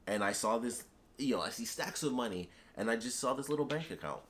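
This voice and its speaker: A man's voice: mid-range voice, animated, a little fast, a bit bright. A man giving a casual, rambling spoken film review, enthusiastic and full of fillers. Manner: rambling and enthusiastic, heavy on "like" and "you know". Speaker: YouTube movie reviewer.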